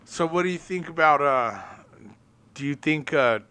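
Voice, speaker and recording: A man's voice: a little high, moderate pace, pushed and bright, smooth. A man co-hosting a podcast, telling profane joking stories in casual chat. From Mexican heritage. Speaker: podcast co-host.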